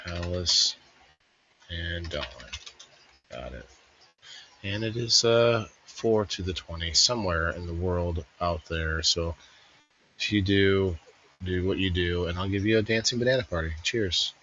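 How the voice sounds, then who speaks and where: A man's voice: low-pitched, a little slow, long pauses, pushed and bright, highs cut off. A man hosting a casual live stream, rambling and joking as he greets viewers by name. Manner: rambling, jokey, addresses chat viewers by name. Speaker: livestream host.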